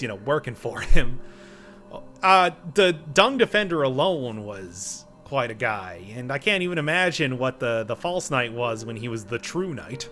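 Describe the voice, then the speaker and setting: A man's voice: medium pitch, pushed and bright. A man giving casual, joking commentary while playing a video game, often talking back to the game's characters. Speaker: gaming let's-player.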